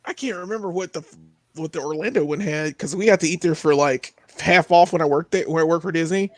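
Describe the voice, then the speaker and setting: Young guy on a movie podcast, high voice swooping all over, dry close sound. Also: fast talker, no echo. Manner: animated, jumps into high exclaiming tones. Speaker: podcast co-host. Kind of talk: casual chat.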